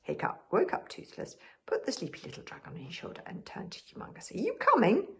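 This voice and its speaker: A woman reading a children's novel aloud in a soft voice that often drops to a whisper. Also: fairly low pitch, wildly swooping pitch, quick pace, gravelly, slight background noise. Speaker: audiobook reader.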